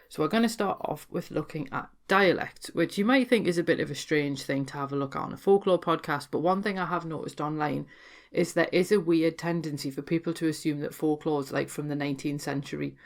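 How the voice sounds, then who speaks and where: A woman's voice: low-pitched, a little fast. A woman with a Geordie accent hosting a podcast, talking through her topic in a chatty, explanatory way. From Newcastle, North East England. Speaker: podcast host. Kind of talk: podcast monologue.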